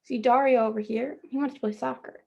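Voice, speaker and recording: A woman teacher reading a children's picture book aloud, stopping to gently ask her young listeners questions. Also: on the high side, fairly even intonation, fairly quick, creaky, lo-fi sound. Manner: speaks to children as "friends".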